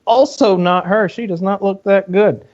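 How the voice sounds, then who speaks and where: A man hosting a podcast, telling a crude story in an animated, casual way over a video call with dull lo-fi audio. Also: sits high, normal speed. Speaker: podcast host. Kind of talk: casual chat.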